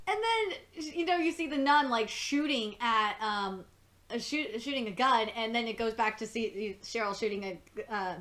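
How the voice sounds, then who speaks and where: A young woman casually reviewing a TV episode, giggling often, swearing freely and filling pauses with ums. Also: fairly high pitch. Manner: giggly, excitable, swears freely, many fillers. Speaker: video reviewer.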